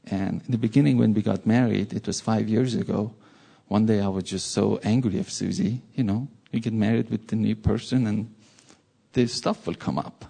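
A man's voice: fairly low pitch, fairly even intonation, normal speed, creaky, dark tone, slightly rough. A man preaching a sermon, telling a personal story in an earnest way and repeating words for stress.

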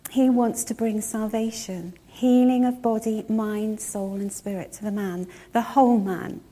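Woman giving a sermon, soft mellow tone, slows right down on the big lines. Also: a little high, steady tone. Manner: measured storytelling, slowing for emphasis. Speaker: preacher.

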